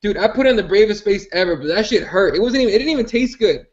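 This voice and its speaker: Rambling, swearing high-voiced guy. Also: lively intonation, fast talker, highs cut off. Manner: rambling, swearing, filler-heavy. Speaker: podcast co-host. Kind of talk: casual storytelling chat.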